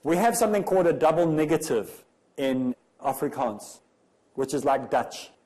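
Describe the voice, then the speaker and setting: A man's voice: on the high side, expressive, normal speed, darkish tone, poor audio. A man from Africa, giving an emphatic religious lecture full of rhetorical questions. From South Africa.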